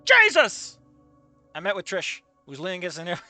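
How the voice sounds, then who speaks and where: A man reading fanfiction aloud and breaking off into comedic asides, swearing freely and quick to laugh at the text. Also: high voice, pushed and bright. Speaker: fanfiction reader and commentator.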